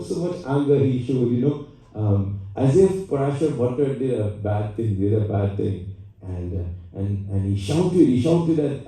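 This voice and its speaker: A man's voice: medium pitch, dark tone. A man, a pandit, giving a storytelling sermon at a temple, asking his listeners questions and repeating his words as he tells the story. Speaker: pandit giving a spiritual talk. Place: large temple hall. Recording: roomy echo, voice from far off.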